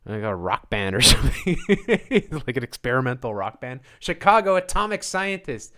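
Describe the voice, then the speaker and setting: A man's voice: mid-range voice, sing-song, normal speed, bright, forceful tone. A man hosting his own podcast, delivering a sarcastic, mocking opinion monologue and laughing at his own jokes. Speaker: podcast host.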